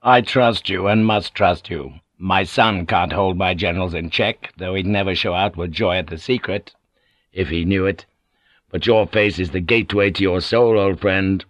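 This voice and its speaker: A man's voice: low-pitched, fairly bright tone, no echo. A man voicing a cunning, commanding warlord. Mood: scheming. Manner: measured, authoritative, sly. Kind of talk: audiobook character voice.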